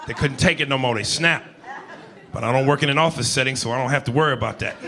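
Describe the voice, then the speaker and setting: Crude, brash stand-up comedian. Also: male voice, medium pitch. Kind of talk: stand-up routine. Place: comedy club stage. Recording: live club recording with crowd noise.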